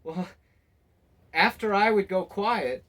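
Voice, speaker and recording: High-voiced exasperated man ranting. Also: animated, slow, fairly bright tone. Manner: exasperated, rambling, laughs often. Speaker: travel vlogger. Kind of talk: casual monologue to camera.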